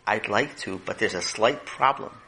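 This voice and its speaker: A man's voice: on the low side, moderate pace, vocal fry, pushed and bright. A man voicing a cheeky, curious eleven-year-old boy who talks in a hesitant, sheepish way.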